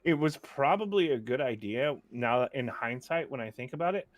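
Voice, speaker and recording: A man's voice: medium pitch, lively intonation, normal speed. A young man as a podcast guest, chatting in a laid-back, loose way with casual swearing. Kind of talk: casual chat.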